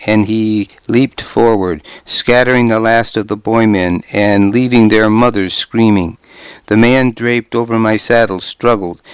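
A man reading a first-person story aloud, grim and measured, in a dry close studio recording. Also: fairly low pitch, smooth, no room sound. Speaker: audiobook narrator. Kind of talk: first-person scripted narration.

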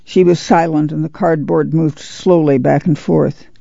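A woman reading an audiobook aloud on radio in an even, unhurried way, in a dull lo-fi recording. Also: low-pitched, creaky, breathy edge, dry recording. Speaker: audiobook reader.

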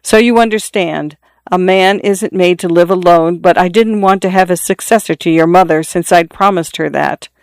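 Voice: medium pitch, moderate pace, no room sound, close to an everyday voice. A reader voicing a dying father pleading. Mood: confiding. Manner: confiding, insistent, repeating himself. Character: dying middle-aged father, earnest and pleading. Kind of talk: audiobook reading.

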